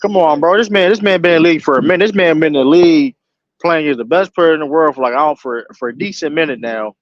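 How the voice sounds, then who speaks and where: Animated swearing man talking sports. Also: a little high, quick pace, dry recording, lo-fi sound. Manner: animated, swears a lot, many fillers. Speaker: show host. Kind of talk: casual sports chat.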